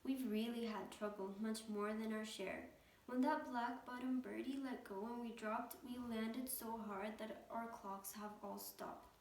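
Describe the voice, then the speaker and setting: A woman's voice: a little high, steady tone, unhurried, darkish tone, a little hiss or hum. A woman voicing a tiny, grateful male town mayor in a storybook, with an eager, piping delivery. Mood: pleading. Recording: echoey room, mic at a distance.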